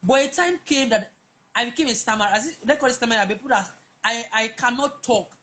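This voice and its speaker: A woman's voice: a little high, fairly quick, fairly bright tone, a little hiss or hum. A woman, a guest telling her personal story emphatically, often repeating words and restarting. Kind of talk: personal testimony in a conversation.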